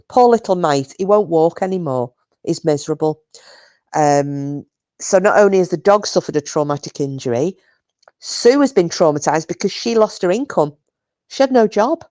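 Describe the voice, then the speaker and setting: A woman's voice: low-pitched, darkish tone, no echo. A woman telling a story in casual live-stream chat and answering viewers as host. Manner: chatty storyteller, responds to viewers.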